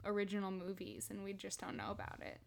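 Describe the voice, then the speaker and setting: A young woman co-hosting a podcast, chatting playfully and teasing her friend with quick jokes. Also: mid-range voice, sing-song, gravelly. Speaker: podcast co-host. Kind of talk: casual chat.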